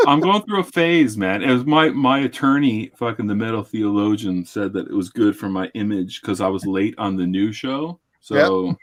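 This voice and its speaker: A man hosting a livestream, talking in a loud, rambling, jokey way with lots of swearing. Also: on the low side, moderate pace, hardly any pauses. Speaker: livestream host. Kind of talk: casual profane chat.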